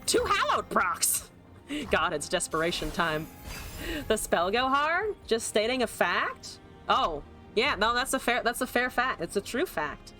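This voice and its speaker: A woman's voice: a little high, unhurried. A young adult woman giving live commentary on her card game, swearing, laughing and answering chat as she plays. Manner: animated, swears and laughs, reads chat aloud. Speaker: streamer. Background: faint music.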